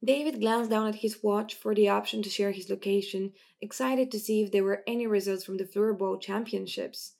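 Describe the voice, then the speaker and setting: A woman with a medium-pitched, gravelly voice narrates an audiobook at a moderate pace, rarely pausing. Her storytelling stays steady and even.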